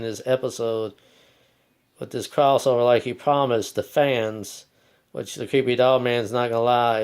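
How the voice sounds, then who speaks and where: A man hosting his own vlog, talking in a rambling, halting way, often stopping to correct himself and apologize, and sometimes calling himself by his nickname in the third person. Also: mid-range voice, a little mellow, clean tone. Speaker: channel host. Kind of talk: casual vlog monologue.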